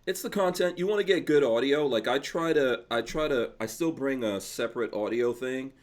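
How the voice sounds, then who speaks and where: A man hosting a podcast, chatting casually and laughing often. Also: mid-range voice. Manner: laughs often, quick asides. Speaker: podcast host.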